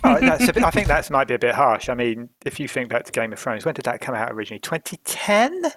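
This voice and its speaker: A man's voice: medium pitch, big pitch swings, quick pace, fairly bright tone, no echo. A man co-hosting a casual chat, asking questions and laughing. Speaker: podcast co-host.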